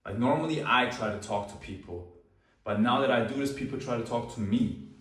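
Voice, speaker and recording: A man hosting a self-improvement video, talking slowly and calmly with deliberate pauses. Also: medium pitch, reverberant, far from the mic. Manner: slow, calm, pausing deliberately. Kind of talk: slow deliberate talk to camera.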